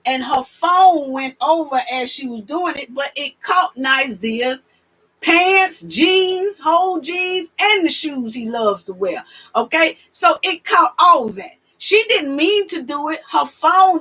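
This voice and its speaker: Sassy new lady hosting a livestream, high bright voice, calls out chat names. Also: unhurried. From New York. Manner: animated, sassy, confrontational. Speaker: livestream host.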